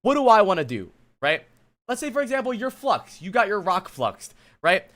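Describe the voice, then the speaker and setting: Coaching a player live on stream, a man with a high, bright, sing-song voice talks at normal speed. He's blunt, exasperated and freely profane, breaking off his lecture to speak to his chat.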